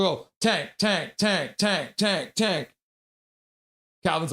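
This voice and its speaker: A man's voice: high voice, animated, takes it slowly, gravelly, a bit bright. A man hosting a live stream, calling hockey play-by-play in a casual, chatty way and joking with chat between calls.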